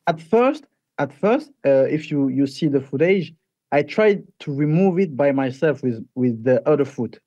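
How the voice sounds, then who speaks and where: A male fighter speaks English, mellow and soft-edged in tone, pitched a touch high for a man. He talks haltingly, repeating words and restarting. The sound is dry and slightly dull. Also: no echo. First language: French. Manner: halting, repeats words, animated when retelling. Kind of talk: interview answers.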